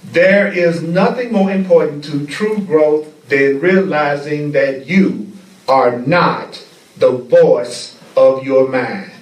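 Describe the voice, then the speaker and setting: A man teaching a spiritual class, speaking slowly and deliberately and repeating key phrases for emphasis. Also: a little high. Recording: echoey room, mic at a distance.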